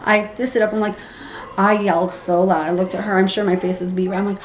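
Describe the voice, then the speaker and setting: A young pregnant woman vlogging casually, animated and acting out what people said with big jumps in her voice. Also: a little fast. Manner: animated, acts out quotes with big pitch jumps. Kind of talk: casual storytelling vlog. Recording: echoey room with faint background hum.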